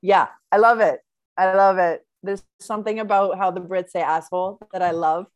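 A woman's voice: lowish voice, fairly even intonation, normal speed, no echo, muffled recording. Giggly, chatty woman on a dry mic. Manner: enthusiastic, giggly, chatty with many fillers. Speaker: podcast host. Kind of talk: casual podcast conversation.

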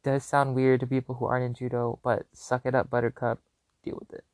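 A young man chats through a personal story on his own podcast, loose and animated, circling back with lots of fillers. His voice sits in an ordinary middle register, and the sound is dry and close with no room around it. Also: mid-range voice, fairly quick, dry recording. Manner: animated, rambling, filler-heavy. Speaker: podcast host. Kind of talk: casual storytelling.

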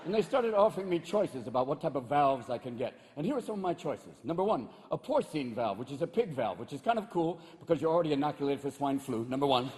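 A man's voice: on the high side, sing-song, fast talker, few pauses, a little mellow, in a large hall. A male stand-up comedian performing live, manic and profane, jumping into voices. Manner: manic, swearing, leaps into voices. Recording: live stand-up with crowd laughter and noise.

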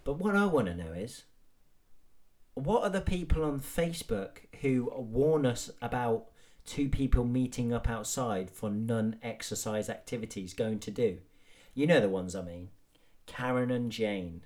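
A man's voice: medium pitch, animated, measured pace, a little mellow. A man hosting a podcast, delivering a rambling comic monologue full of swearing and matey banter. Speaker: podcast host.

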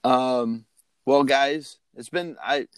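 A man's voice: medium pitch, slow, clean tone, no echo. A man hosting a podcast, talking in an earnest, rambling, motivational way. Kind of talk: casual chat.

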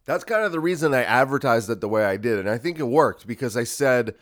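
A man's voice: medium pitch, animated, fast. Man ranting on a solo podcast. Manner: ranting, profane, sarcastic. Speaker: podcast host.

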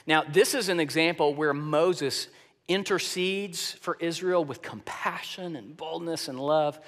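A male pastor preaching a sermon, telling scripture stories with animated swings in pitch and loudness. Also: measured pace, long reverb tail.

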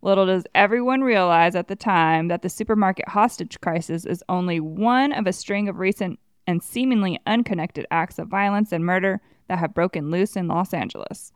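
A woman podcast co-host recaps a film's plot in a wry, brisk way. Her voice is smooth and clear, and the recording is dry and close. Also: on the low side, no room sound.

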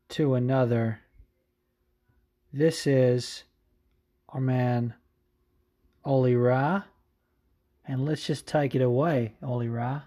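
Profane, tired podcast guy. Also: medium pitch. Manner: profane, excitable, says dude a lot. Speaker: podcast host. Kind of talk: casual podcast chat.

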